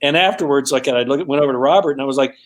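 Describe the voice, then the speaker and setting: A man's voice: medium pitch, rapid-fire. Man telling an anecdote. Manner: storytelling, acts out quoted lines. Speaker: author guest. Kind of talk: anecdote in a casual interview.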